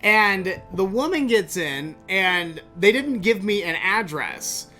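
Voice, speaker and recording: Bright-voiced man telling a profane story. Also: high voice, slow, soft background music. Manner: animated, profane, exasperated storyteller. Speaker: podcast host. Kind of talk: casual storytelling monologue.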